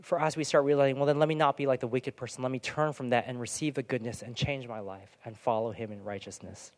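A man preaching a sermon as pastor, lively and animated, dropping to soft, near-whispered prayer lines. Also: medium pitch, quick pace. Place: church hall. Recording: long hall reverb.

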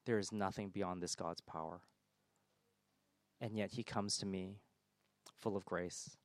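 A man preaching a sermon in church, his voice swelling loud on big points and dropping soft on gentle ones. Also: deep voice, steady tone, a little slow, dry recording.

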